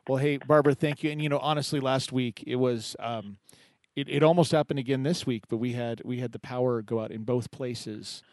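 A man's voice: medium pitch, brisk, a little mellow, no room sound. Male call-in host, joking and chatty, dry close sound. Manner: joking, laughs often, restarts. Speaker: radio poetry show host. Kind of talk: casual call-in chat.

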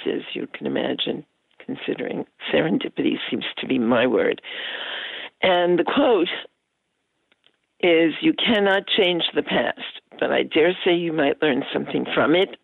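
A woman's voice: low voice, vocal fry, no room sound. A woman calling in to a show, chatting in a giggly, rambling way and trailing off into fillers. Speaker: caller. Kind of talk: casual phone chat. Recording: tinny phone line.

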